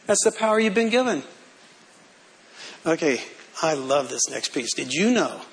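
A male pastor preaching a sermon with animated, humorous storytelling. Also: on the high side, normal speed, pauses often.

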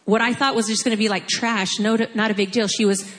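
Woman in her 40s sharing a heartfelt trip story, earnest and kind of halting. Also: on the high side, steady tone, a bit bright, long reverb tail. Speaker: mission trip speaker. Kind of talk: personal testimony.

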